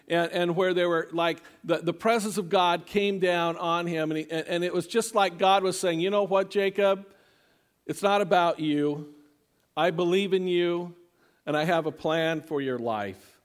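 A man preaching a sermon in a conversational way, often repeating words and restarting sentences. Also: sits high. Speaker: pastor.

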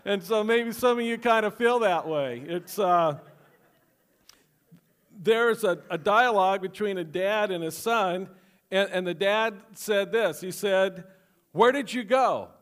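A man's voice: sits high, takes it slowly, a bit bright, smooth. A man preaching a sermon, in a conversational way, asking the congregation questions and repeating key phrases for emphasis. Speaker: pastor.

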